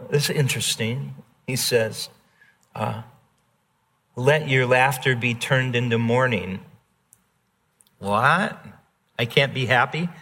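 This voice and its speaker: A male pastor preaching a sermon, earnest and repetitive, dropping soft and then rising emphatic. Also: mid-range voice, big-room sound.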